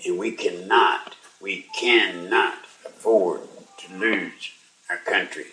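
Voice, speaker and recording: An older man hosting a talk radio show, sounding weak and unwell as he slowly urges and pleads with listeners. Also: sits low, steady tone, sharp tone, roomy sound, recorded from a distance, slight background noise, rough recording. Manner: slow, strained, pleading and urging listeners to act. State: weak and unwell, struggling to speak. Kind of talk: live talk radio monologue.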